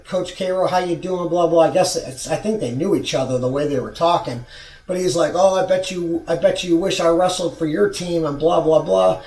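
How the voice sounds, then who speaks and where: A man's voice: a little high, a little mellow. A man in his forties telling a rambling, profane story from his own past in a casual vlog. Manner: rambling, profane, restarts a lot. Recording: roomy sound, far from mic.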